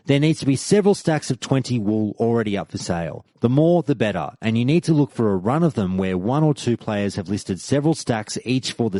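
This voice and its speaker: Animated male podcast host, mellow voice. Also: mid-range voice, no echo. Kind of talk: reading listener stories aloud.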